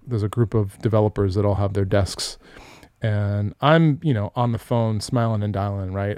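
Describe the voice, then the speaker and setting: A middle-aged man co-hosting a podcast tells stories in casual conversation, cursing freely and animatedly acting out the quotes. His voice is on the low side with a clean tone, captured in clean, dry studio sound.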